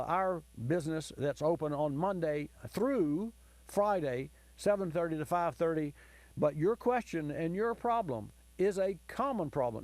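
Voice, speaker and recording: A man's voice: fairly high pitch, a little mellow, dry recording. A man hosting a call-in car-repair radio show, explaining diagnostics in a folksy, explanatory way to callers and listeners. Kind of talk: call-in advice talk.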